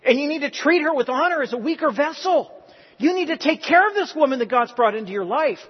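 A man's voice: very high-pitched, expressive, fast. A man preaching a sermon in an earnest, exhorting way with joking asides. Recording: reverberant hall, dull lo-fi sound.

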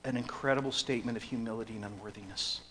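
Emphatic preacher in a reverberant hall. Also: male voice, mid-range voice, fairly even intonation, racing, slight background noise. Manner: swings from hushed to loud, emphatic preaching. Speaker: pastor. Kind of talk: expository sermon.

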